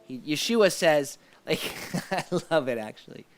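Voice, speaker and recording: Hosting a relaxed live show about faith, this man talks in a higher-than-average, animated voice at an unhurried pace, with faint music in the background. His speech is full of fillers and restarts, and he's keen on the scenes he describes.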